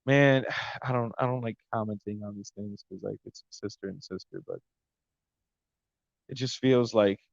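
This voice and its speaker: A man's voice: on the low side, fairly even intonation, normal speed, creaky, pauses often, no echo, lo-fi sound. A man hosting a podcast, recapping fights in a casual, rambling monologue and stumbling over names. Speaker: podcast host. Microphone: close mic.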